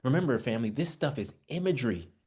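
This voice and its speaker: A man's voice: mid-range voice, big pitch swings, fast talker, darkish tone, slightly rough. A man teaching a Bible study. He talks in a conversational preaching style, calls his listeners family and asks them rhetorical questions. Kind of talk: spiritual teaching. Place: online Bible study session.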